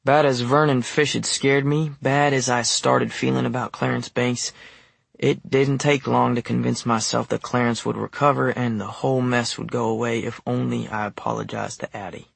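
A man narrating an audiobook in the first person, measured and wry. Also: mid-range voice, level tone, vocal fry, no room sound.

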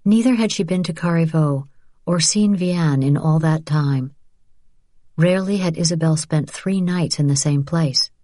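This audiobook narrator is a woman whose voice is low and dark, reading scripted narration with measured, steady storytelling. The sound is dry and cleanly recorded in a studio.

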